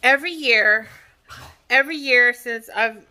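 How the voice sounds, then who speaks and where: Bright-voiced chatty woman cooking vlogger. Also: a little high, unhurried. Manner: chatty, talks straight to viewers. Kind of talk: casual cooking demonstration. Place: home kitchen.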